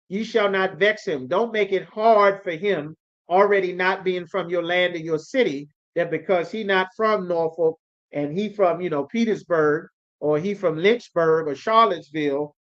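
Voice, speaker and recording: A man with a high-pitched voice leads a scripture class, speaking with emphatic, preacher-like conviction. He keeps checking that his listeners follow him. The recording is dull and lo-fi. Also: fairly bright tone. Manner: emphatic, repeatedly asks "you understand?". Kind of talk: scripture teaching, sermon-like.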